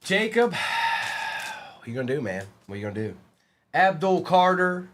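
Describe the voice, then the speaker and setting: A young man on a live stream, chatting casually and calling out player names as he opens card packs, getting excited along the way. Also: fairly high pitch, a little slow, a little hiss or hum.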